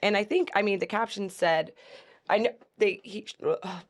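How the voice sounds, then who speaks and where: A woman's voice: medium pitch, moderate pace. A woman co-hosting an anime reaction video, chatting casually and exclaiming at what she watches. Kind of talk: casual chat.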